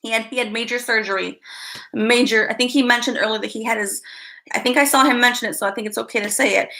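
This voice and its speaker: Woman streamer, giggly, scattered, talks to chat. Bright tone, some vocal fry. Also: on the high side, steady tone, fast talker. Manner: giggly, easily distracted, greets chat by name. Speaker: live stream host. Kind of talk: casual live-stream chat.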